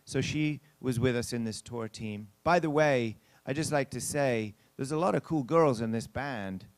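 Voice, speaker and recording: With no room sound in the recording, a man preaches at a moderate pace in a mid-range voice. As a pastor sharing a sermon story, he addresses the congregation conversationally and acts out people's words.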